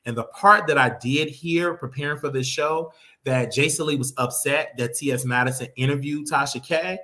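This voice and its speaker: A man's voice: on the high side, moderate pace, bright, forceful tone. Brash, mocking man hosting commentary. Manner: brash, mocking, trash-talking. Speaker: host. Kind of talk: casual commentary monologue.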